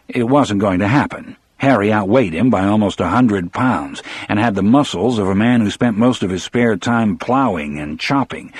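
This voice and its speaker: Male audiobook narrator, low and husky, lively pitch, dramatic storytelling. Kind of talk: first-person audiobook narration.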